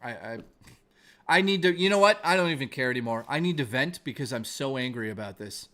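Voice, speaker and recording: A man's voice: medium pitch, lively intonation, quick pace, sharp tone. Heated, profane male streamer. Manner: heated, profane, repetitive ranting. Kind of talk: angry live-stream rant and chat reading.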